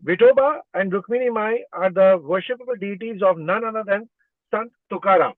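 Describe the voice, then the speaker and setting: A man's voice: high voice, brisk, no room sound. A man joins a video call from a car, starting hesitantly and then explaining at length. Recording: tinny dry phone-like call audio.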